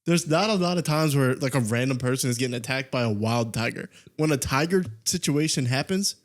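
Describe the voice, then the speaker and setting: Easygoing man thinking out loud. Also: medium pitch, brisk. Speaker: podcast co-host. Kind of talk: casual chat.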